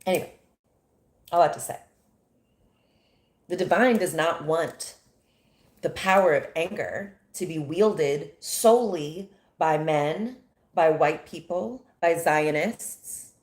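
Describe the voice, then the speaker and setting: A woman's voice: low voice, slow pace, pauses often, reverberant. An American woman giving an impassioned, indignant monologue full of rhetorical questions. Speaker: commentator.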